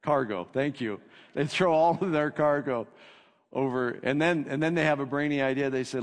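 A male pastor preaching a sermon, emphatic and repetitive, swinging between loud declarations and hushed lines. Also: medium pitch, normal speed. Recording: long reverb of a hall.

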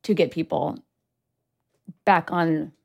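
A woman's voice: deep voice, fairly even intonation, slow, gravelly, darkish tone. A woman co-hosting a podcast in casual chat, joking and bantering playfully into a studio microphone. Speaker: podcast co-host.

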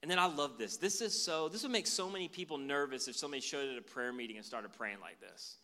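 A man preaching a sermon as pastor, animated and conversational. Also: fairly high pitch, fast, few pauses.

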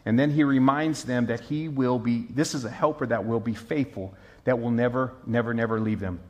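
A man preaching a sermon as pastor, telling stories with lively swings between loud and soft. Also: medium pitch, normal speed. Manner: animated storyteller, mimics moaning, swings loud and soft.

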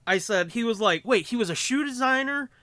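A man co-hosting a podcast, telling a story in casual chat, animated and profane, acting out quotes. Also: very high voice, brisk, no echo. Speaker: podcast co-host.

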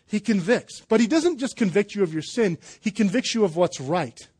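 A man's voice: high-pitched, lively intonation, moderate pace, darkish tone, slightly rough. A man preaching a sermon at a church service in a loose, conversational way, with jokes and restarts. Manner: conversational, joking, with fillers and restarts. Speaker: pastor.

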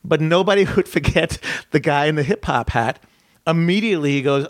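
A man's voice: a little high, brisk, no room sound, studio quality. A male comedian telling long, rambling stories in casual chat, interrupting himself and laughing as he talks. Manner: rambling, self-interrupting, laughs while talking. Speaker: comedian guest.

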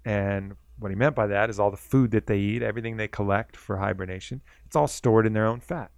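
A man's voice: fairly low pitch, a little fast, vocal fry, smooth, no room sound. A man hosting a solo podcast, telling a personal story in a reflective, laid-back way. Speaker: podcast host.

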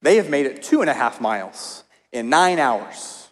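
A man's voice: medium pitch, very animated, normal speed. A man preaching a sermon, telling stories in a conversational way with asides to the congregation. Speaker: pastor. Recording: long hall reverb.

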